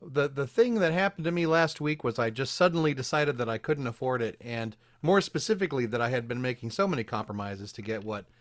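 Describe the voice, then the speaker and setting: A man's voice: medium pitch, fairly quick, few pauses, no echo, clean studio sound. A man co-hosting a podcast in casual chat, wry and self-deprecating as he talks. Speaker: podcast co-host.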